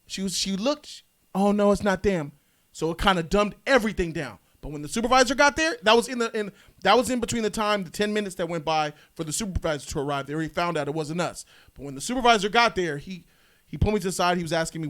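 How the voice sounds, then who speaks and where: Talking fast in a voice that sits high, a male podcast host relays a story in easygoing conversation. He's an animated storyteller who acts out each character's lines.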